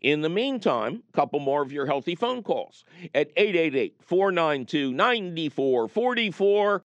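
A man's voice: a little high, measured pace, no room sound, highs cut off. A man hosting a call-in gardening radio show from a studio, chatting casually and telling jokey stories. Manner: jokey, animated storyteller. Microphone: studio microphone.

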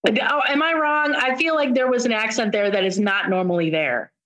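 A woman's voice: on the high side, moderate pace, a bit bright. Enthusiastic woman co-host from Indiana. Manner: enthusiastic, playful, talkative. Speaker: podcast co-host. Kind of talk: casual chat.

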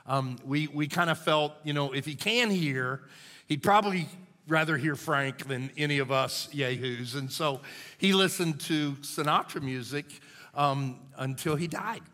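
A middle-aged male pastor tells stories from the pulpit in an easygoing, folksy way. His voice sits a touch high and bright. It rings out with the long echo of a large church hall. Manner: folksy and conversational, says "man" a lot. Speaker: lead pastor. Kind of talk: storytelling sermon. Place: church sanctuary.

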